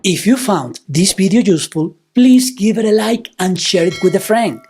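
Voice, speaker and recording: A woman teaching Spanish, patiently explaining grammar rules and slowing down to model example words. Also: medium pitch, lively intonation, mellow, soft background music. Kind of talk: explanatory language lesson.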